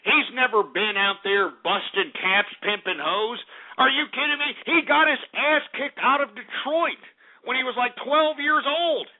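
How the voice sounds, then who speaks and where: A man's voice: very high voice, measured pace. A man hosting a call-in radio show, ranting angrily and profanely, repeating himself. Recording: tinny phone-like audio.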